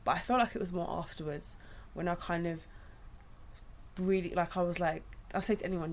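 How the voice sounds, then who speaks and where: A young woman chatting casually, telling her birth stories in a lively, storytelling manner. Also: lowish voice, fairly quick, a little hiss or hum. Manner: chatty storytelling, animated when retelling. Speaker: new mother. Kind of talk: casual chat.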